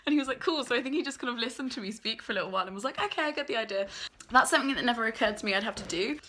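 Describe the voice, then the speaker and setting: A woman's voice: on the high side, bright, forceful tone, slight background noise. Chatty self-mocking young woman vlogger. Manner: chatty, self-mocking, breaks into quick asides. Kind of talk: casual chat to camera.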